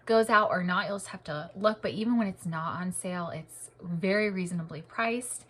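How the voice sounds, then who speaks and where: A young mom with a hoarse, rough voice from losing it, chatting casually and rambling a bit with fillers. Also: female voice, medium pitch, a bit bright, a little hiss or hum. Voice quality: rough, husky. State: hoarse, partly lost voice. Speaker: homeschooling mom vlogger. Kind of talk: casual chat.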